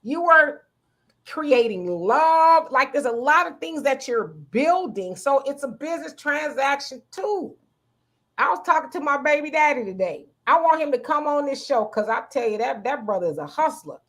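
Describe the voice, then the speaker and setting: A woman hosting a casual talk show, animated and chatty, who laughs often and acts out the voices she quotes. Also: high voice, normal speed. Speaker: show host. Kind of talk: casual commentary.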